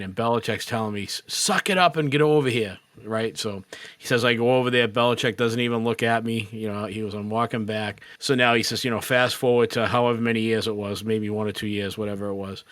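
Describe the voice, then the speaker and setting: A man telling an animated story as a podcast guest, quoting the people in it. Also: on the low side, fast, no room sound. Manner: animated, quotes people in his stories. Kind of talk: casual storytelling. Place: podcast recording.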